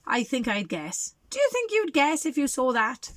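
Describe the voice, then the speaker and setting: A woman reading a picture book aloud to young children, animated and sing-song, asking them questions. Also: high voice, normal speed, hardly any pauses, no room sound. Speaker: children's storyteller.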